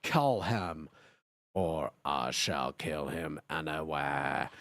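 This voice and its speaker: A cruel, raspy dark lord , as a streamer puts him on, with an Australian accent, booming out mock-Shakespearean threats at a slow pace. The voice swings widely in pitch, and the recording is dry and close. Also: animated, no echo, full character voice. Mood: threatening. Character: villainous dark lord, old-fashioned and cruel.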